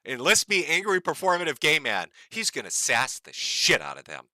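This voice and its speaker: A man's voice: on the high side, wildly swooping pitch, normal speed, bright, forceful tone, no room sound. A man giving profane, mocking video commentary in a sneering, sarcastic rant.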